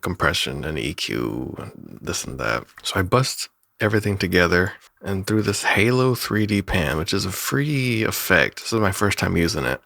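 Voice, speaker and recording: A man with a very low, gravelly voice explains how he built his cartoon's sound and graphics. He rambles, chuckles at himself and breaks off his sentences as he goes. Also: big pitch swings, normal speed, bright, forceful tone, dry recording, clean studio sound. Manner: rambling, chuckling, self-interrupting. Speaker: animator and musician. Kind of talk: production breakdown talk.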